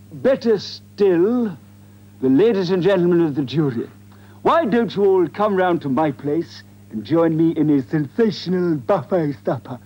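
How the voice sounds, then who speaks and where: A man's voice: sits high, husky, lo-fi sound. Give me a pompous man playing a judge. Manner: pompous courtroom address. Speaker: mock judge. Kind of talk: sketch comedy.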